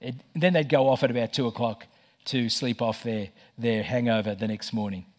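A middle-aged man preaching a sermon as pastor, telling stories with lively stammered restarts. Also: medium pitch, normal speed. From Australia. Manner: animated storytelling with stammered restarts.

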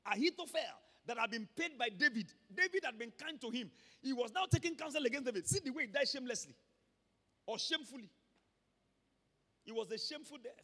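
A man with a Nigerian accent preaching a sermon to his church, emphatic and rising from quiet talk to shouts. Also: very high-pitched, expressive, fast, slightly rough. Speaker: pastor. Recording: long hall reverb.

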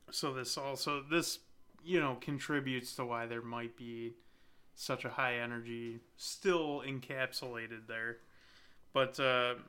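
A man hosting a casual podcast, relaxed and a little hesitant as he tells the story. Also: medium pitch, smooth. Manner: relaxed storytelling, hedging with "you know" and "uh". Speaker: podcast host presenting haunted places.

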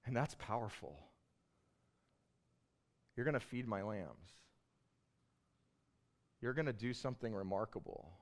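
A man's voice: on the low side, expressive, a little slow, long pauses. A man preaching a sermon, retelling a Bible passage in a casual, storytelling way and building to passionate emphasis. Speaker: pastor.

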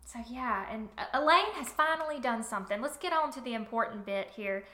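An enthusiastic woman gushing about a novel with a bright, forward voice that sits a little high. She giggles and trips over her restarts, and the room echoes around her. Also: lively intonation, a little fast, slight background noise. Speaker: book podcast co-host. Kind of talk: casual chat.

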